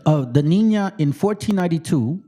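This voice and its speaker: A man's voice: on the high side, lively intonation, brisk, dark tone. A man hosting his channel, reading a book aloud and breaking off into blunt, profane commentary. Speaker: channel host.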